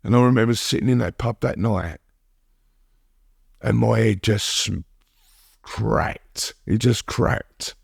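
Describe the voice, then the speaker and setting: Brief: middle-aged man, husky gravelly voice, halting candid interview talk, dry close sound. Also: on the low side, no echo. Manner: halting, repeats words, many "you know what I mean". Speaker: podcast guest.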